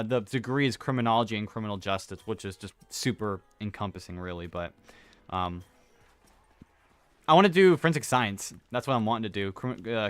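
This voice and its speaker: Here a young adult streamer talks casually during a game, wandering through anecdotes, fixing his own wording and laughing softly. He has a fairly low, clear, resonant voice that's a bit bright.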